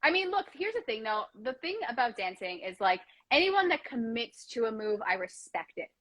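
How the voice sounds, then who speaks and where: A woman's voice: fairly high pitch, big pitch swings, moderate pace, fairly bright tone. A woman hosting a casual chat over a video call, playful and chatty with lots of "like". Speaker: host.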